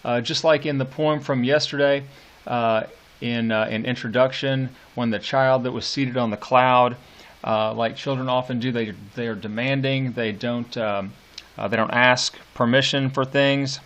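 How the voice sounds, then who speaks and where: A middle-aged man teaching literature, reading poetry aloud slowly and annotating it, with hesitant fillers. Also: mid-range voice, steady tone, fairly bright tone, highs cut off. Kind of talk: lecture with poem reading.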